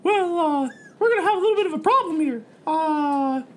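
A woman's voice: high voice, lively intonation, brisk, voice pushed up. A woman voicing a jittery male rat first mate in an improvised comic role-play, hesitant and giggly. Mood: nervous.

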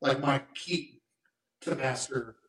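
A man's voice: mid-range voice, a little slow, fairly bright tone, low-quality recording. A man in his thirties co-hosting a casual podcast, talking in a heated, emphatic, profane way. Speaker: podcast co-host.

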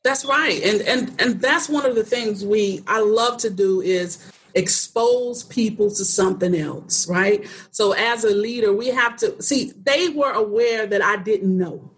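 Earnest breathy woman telling her story. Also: medium pitch, unhurried. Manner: earnest and straightforward, laughs easily. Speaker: guest. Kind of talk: personal storytelling in conversation.

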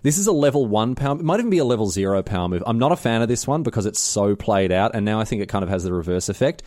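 A man's voice: on the low side, expressive, darkish tone, dry recording, clean studio sound. A young Australian man with a city accent, co-hosting a podcast in casual, self-mocking chat. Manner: chatty, self-mocking, quick with asides. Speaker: podcast co-host.

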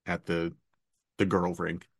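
A man playing a tabletop role-playing game, speaking in character with dry, halting phrasing. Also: low-pitched, completely flat delivery, creaky, dry recording. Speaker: player.

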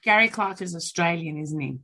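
A woman's voice: lowish voice, animated, fairly quick, bright, forceful tone. A woman interviewer asking curious, probing questions.

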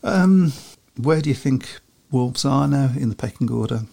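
A man's voice: mid-range voice, animated, moderate pace, vocal fry, dark tone. A man co-hosting a podcast in a chatty way, reading out scores and listener comments. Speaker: podcast co-host. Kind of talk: casual chat about speedway.

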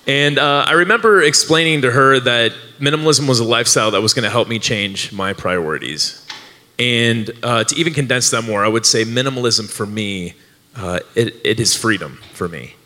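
A man's voice: medium pitch, normal speed, pushed and bright, big-room sound. A male podcast co-host telling a story at a live show, rambling with fillers and restarts and laughing often. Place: live event venue with an audience.

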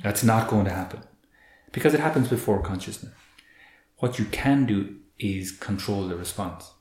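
A man, a guest expert explaining in an earnest, animated way, often restarting with repeated words. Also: on the low side, moderate pace. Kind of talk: conversational explaining. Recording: roomy echo.

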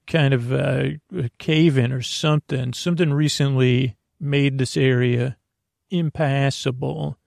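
A man narrating as game master in a tabletop game, halting with frequent fillers and restarts. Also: mid-range voice, vocal fry, a little mellow, no echo, studio quality.

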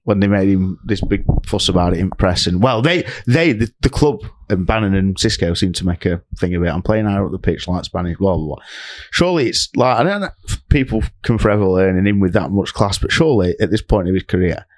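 A man co-hosting a football podcast, chatty and quick to giggle, often drifting off topic. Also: lowish voice, animated, no room sound. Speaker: podcast co-host. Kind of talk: casual football chat.

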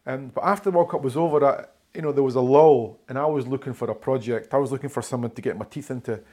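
A man's voice: medium pitch, fast, a little mellow. Guy chatting in an interview, rambles and restarts a lot, ordinary mid voice. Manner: rambling, with many fillers and restarts. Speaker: author and journalist being interviewed. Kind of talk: conversational storytelling.

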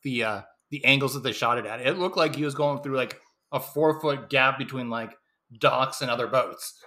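A man co-hosting a podcast, chatting about a movie with quick jokey asides and frequent laughs. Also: mid-range voice, sharp tone. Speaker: podcast co-host. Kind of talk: casual movie chat.

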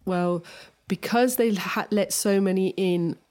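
A woman's voice: mid-range voice, unhurried, darkish tone. A middle-aged woman co-hosting a podcast, telling stories in casual chat, laughing often and restarting her sentences. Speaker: podcast co-host.

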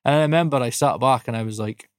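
A man's voice: mid-range voice, fast talker, no echo, clean studio sound. Sweary Dundee man spinning a yarn. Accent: Scottish (Dundee). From Dundee, Scotland. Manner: animated, swears freely, laughs through the story. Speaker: podcast co-host. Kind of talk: casual anecdote telling.

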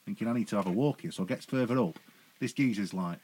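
A man telling sweary, animated anecdotes as a podcast guest. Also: on the low side, fast, slightly rough. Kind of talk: casual storytelling.

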